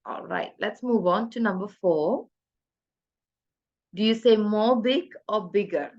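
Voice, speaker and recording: A woman's voice: medium pitch, takes it slowly, dull audio. A woman teaching a grammar lesson, asking her class questions and then answering them herself. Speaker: English teacher.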